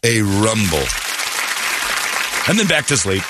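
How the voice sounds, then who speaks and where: Animated low-voiced man telling a story. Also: takes it slowly, a loud crowd, very noisy. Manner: animated, acts out the people in his stories. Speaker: radio morning show host. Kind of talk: casual storytelling.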